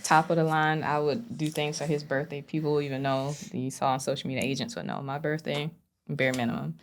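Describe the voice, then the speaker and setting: A low-pitched woman with a gravelly edge to her voice talks candidly as a podcast guest. She is middle-aged and speaks earnestly, filling her sentences with "you know" as she recounts what happened to her. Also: fairly even intonation, brisk, a little hiss or hum. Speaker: podcast guest, abuse survivor. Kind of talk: candid personal storytelling.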